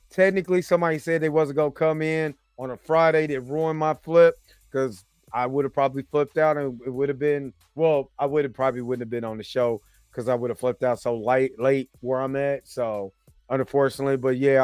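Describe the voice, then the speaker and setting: A man hosting a casual reaction review, animated and joking as he talks straight to his viewers. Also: mid-range voice, brisk, smooth, no echo, faint music behind. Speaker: host and movie reviewer.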